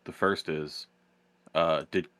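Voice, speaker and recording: A man playing a tabletop role-playing game, joking around and quick to laugh. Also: a bass voice, fairly even intonation, fairly bright tone. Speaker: player. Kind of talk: tabletop role-play chat.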